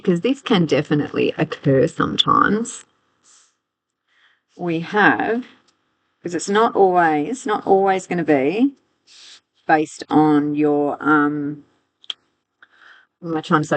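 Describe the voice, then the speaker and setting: A woman's voice: deep voice, no echo. A woman teacher walking students through a reading text, thinking aloud with restarts and rhetorical questions, on a close mic.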